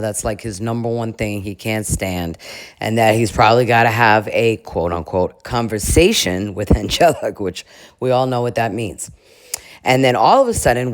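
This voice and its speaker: A woman riffs through comedic reaction commentary in a strikingly deep, low voice. She is chatty and crude, laughing at her own jokes. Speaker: commentary vlogger.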